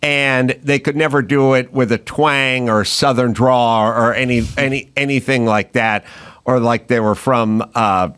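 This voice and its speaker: A man hosting a podcast, telling stories in a casual, animated way that rambles a little. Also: mid-range voice, a little slow, clean tone. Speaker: podcast host. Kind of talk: casual chat.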